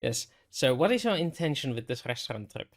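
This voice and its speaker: A man's voice: medium pitch, big pitch swings, fairly quick. A man running a tabletop game as game master, narrating in a hesitant way with many fillers and frequent laughs.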